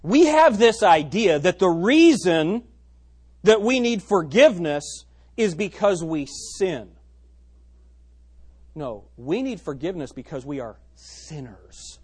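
Animated pastor preaching. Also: male voice, high voice, slow, breathy edge. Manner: emphatic preaching with dramatic swings from loud to hushed. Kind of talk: sermon.

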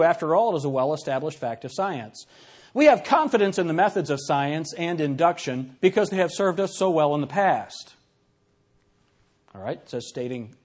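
A man giving a classroom lecture, reading examples aloud and putting questions to his audience in an animated, conversational way. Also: a little high.

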